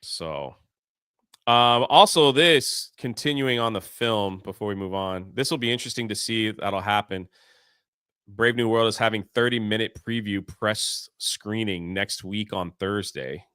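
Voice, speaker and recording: A man's voice: fairly low pitch, measured pace, pushed and bright, clean tone, no echo, clean studio sound. A man co-hosting a casual podcast chat in a playful, teasing way. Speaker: co-host.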